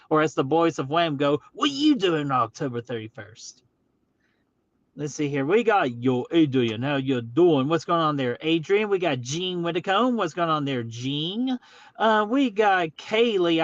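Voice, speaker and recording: A man's voice: fairly high pitch, no room sound, lo-fi sound. A man hosting a casual live stream, upbeat and greeting viewers in the chat one by one. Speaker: livestream host.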